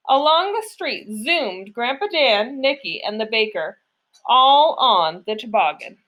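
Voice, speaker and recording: A woman reading a children's storybook aloud, expressive and full of play. Her voice is high and bright, with wide, lively swings in pitch. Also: unhurried. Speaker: storybook reader. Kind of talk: reading a picture book aloud.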